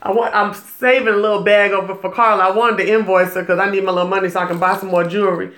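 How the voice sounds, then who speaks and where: A woman's voice: medium pitch, flat delivery, fast, a bit bright, echoey room. A woman hosting a casual live stream, chatting and gossiping with viewers while selling jewelry, laughing often and greeting viewers by name. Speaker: livestream jewelry seller and gossip host.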